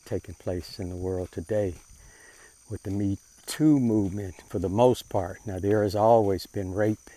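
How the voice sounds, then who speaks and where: A man speaking as a self-styled prophet, giving an unhurried monologue on faith and social issues in plain, informal grammar, often repeating and rephrasing himself. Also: on the low side, dark tone.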